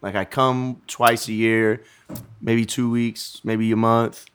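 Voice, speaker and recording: A man's voice: medium pitch, flat delivery, takes it slowly, a bit bright, slight background noise. A man of forty, a podcast guest, talking in a laid-back way, swearing and saying "you know" a lot. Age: 40s. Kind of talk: casual chat.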